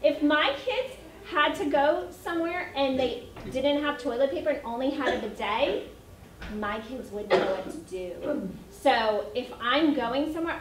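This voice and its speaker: High-voiced chatty woman in echoey room. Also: a little hiss or hum. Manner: chatty storytelling with laughs. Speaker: early childhood educator. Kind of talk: parent training talk. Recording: echoey room, mic at a distance.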